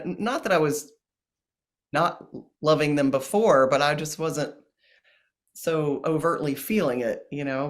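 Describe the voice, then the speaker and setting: A man speaking as a guest in a casual interview about ceremonies, gentle and earnest, with many pauses and restarts. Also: a little high. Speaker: plant medicine ceremonialist guest.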